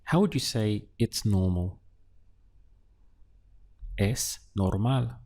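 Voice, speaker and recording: A man teaching useful phrases in a slow, clear lesson, giving prompts and then the model answers. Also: on the low side, lively intonation, a little mellow. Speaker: language teacher. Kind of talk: audio language lesson.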